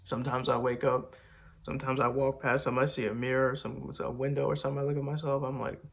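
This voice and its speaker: A man's voice: mid-range voice, flat delivery, fast, vocal fry, muffled recording. A young man chatting casually, rambling and boastful, full of slang like bro and man. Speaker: rapper answering fan questions. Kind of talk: casual chat.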